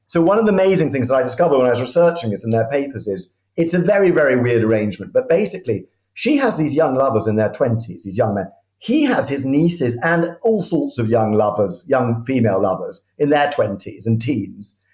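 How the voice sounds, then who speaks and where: A man's voice: mid-range voice, very animated, a little fast, a little mellow, roomy sound. A man speaking as a guest historian, telling history as vivid anecdotes and often restarting his sentences mid-thought. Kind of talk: conversational history storytelling.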